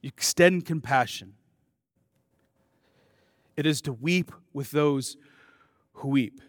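A man preaching a sermon to his congregation. He swings between soft, intimate asides and loud, emphatic declarations, with casual, self-deprecating remarks. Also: medium pitch, slow, no echo, clean studio sound. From American Midwest. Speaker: pastor.

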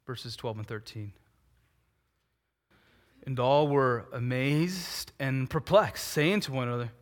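A man, a pastor, preaching a sermon in an animated way, posing rhetorical questions and answering them, swinging between loud emphatic peaks and quiet asides. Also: mid-range voice, takes it slowly.

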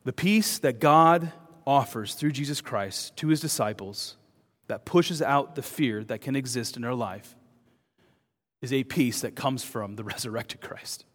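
A man preaching a sermon as pastor, moving between loud urgent emphasis and soft hushed words. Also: medium pitch, measured pace. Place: church. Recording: long hall reverb.

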